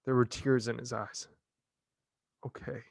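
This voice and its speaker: A man reading a novel chapter aloud in a measured, expressive storytelling manner. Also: medium pitch, dry recording, studio quality. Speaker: reader. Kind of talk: audiobook narration.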